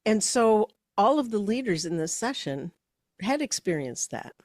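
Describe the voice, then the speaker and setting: A woman's voice: mid-range voice, very animated, unhurried, darkish tone, dry recording, studio quality. A woman co-hosting a podcast about leadership, telling coaching stories in a reflective, conversational way. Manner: storytelling, reflective, quotes her own dialogue.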